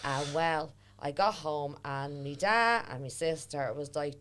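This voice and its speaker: A woman from Ireland with a Dublin accent speaks in a low voice with lively intonation at a moderate pace. A historian and author, she is a guest in a casual podcast conversation, retelling stories and acting out quoted voices.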